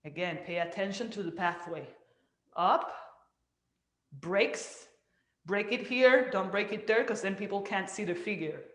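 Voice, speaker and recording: A woman teaching a dance class, cueing moves and counting out loud as she demonstrates. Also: mid-range voice, a little slow, pauses often, roomy sound. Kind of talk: live online dance class instruction.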